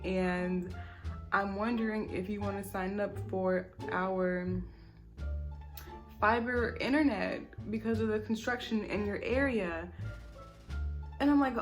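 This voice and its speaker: A young woman tells a storytime vlog in a loose, animated way, full of swearing and quick asides. Her voice sits at a middling pitch, and soft music plays faintly underneath. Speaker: vlogger. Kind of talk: casual storytime.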